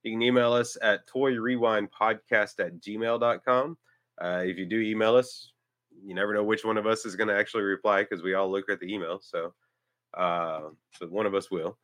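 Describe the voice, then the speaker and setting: A man co-hosting a toy podcast, casually running through the show's contact details in a brisk, upbeat way. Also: lowish voice, fairly even intonation, fairly bright tone, no echo. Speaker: podcast co-host. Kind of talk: reading show plugs casually.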